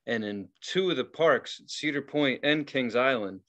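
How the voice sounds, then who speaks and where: A man co-hosting a podcast, telling a story in a casual, profane and animated way and acting out the people in it. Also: mid-range voice, measured pace. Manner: profane, animated, acts out quoted voices. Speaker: podcast co-host.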